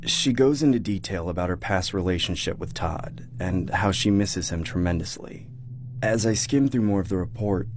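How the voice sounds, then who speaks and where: A young man narrating a scary personal story in a steady, earnest way. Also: lowish voice, a little hiss or hum. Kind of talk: scripted horror story narration.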